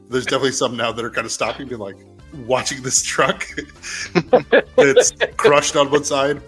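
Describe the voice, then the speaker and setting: A man runs a tabletop game with a voice of middling pitch, breaking into laughter as he narrates. Faint music plays behind him. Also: fairly bright tone. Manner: laughs often while narrating, playful. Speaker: game master.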